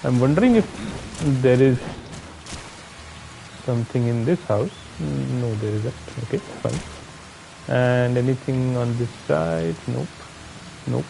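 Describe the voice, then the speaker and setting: A man's voice: medium pitch, slow, creaky, pauses often, mellow, a little hiss or hum, rough recording. A man from India with an Indian accent, giving casual commentary on his own gameplay, muttering to himself and chatting with viewers. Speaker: streamer.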